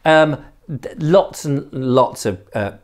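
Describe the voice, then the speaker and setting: A man's voice: mid-range voice, expressive, takes it slowly. A man, a vlogger and former comedy entertainer, telling a story in a chatty, rambling way, with ums and restarts, and slipping now and then into posh voices for the people he quotes. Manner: briefly slips into posh character voices for quoted guests. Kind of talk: conversational storytelling monologue.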